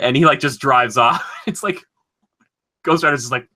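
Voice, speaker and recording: A man co-hosting a podcast, talking casually and enthusiastically, full of "like" and quick asides. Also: medium pitch, bright, forceful tone. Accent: Minnesotan. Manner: enthusiastic, rambling, lots of "like". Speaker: podcast co-host. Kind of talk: casual chat.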